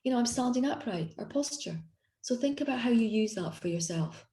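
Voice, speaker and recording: A woman's voice: a little high, lively intonation, brisk, mellow, echoey room. A woman coaching an online group session on confidence, talking in an encouraging, conversational way with frequent restarts. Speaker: executive coach.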